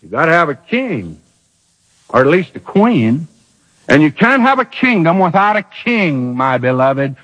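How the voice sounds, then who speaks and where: A man preaching a sermon with emphatic rhetorical questions and dramatic pauses, from an old radio broadcast. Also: on the high side, big pitch swings, a bit bright, long reverb tail, highs cut off.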